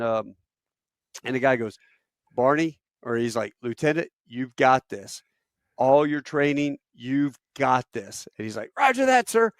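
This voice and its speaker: A man hosting an interview podcast, telling a war story in an animated, casual way. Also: mid-range voice, gravelly, no room sound, clean studio sound. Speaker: podcast host and Marine.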